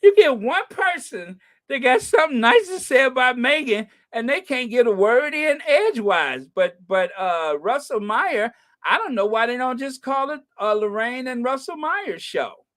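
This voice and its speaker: A woman talks on her live stream in an animated, heckling rant. Her pitch swings widely, jumping high on outbursts and dropping low on asides. She laughs often between points. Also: normal speed, hardly any pauses. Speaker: channel host.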